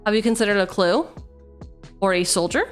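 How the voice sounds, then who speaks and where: A woman's voice: medium pitch, a little fast, soft background music. Playful young woman streaming card openings. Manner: playful, chatty, reads card text aloud, jokes with chat. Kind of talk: casual card-opening livestream chat.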